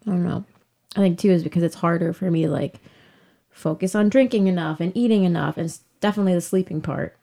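A woman's voice: on the low side, fast, dark tone. Chatty pregnant woman telling a story. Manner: chatty storyteller, many fillers, acts out quotes. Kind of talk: casual chat.

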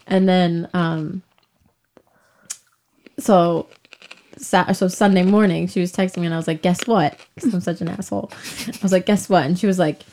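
A pregnant woman in her thirties, chatting casually with a friend. Her voice sits a little low. She tells her story loosely, full of fillers, and acts out the quoted lines. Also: fairly even intonation, moderate pace, pauses often, dark tone. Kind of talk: casual chat.

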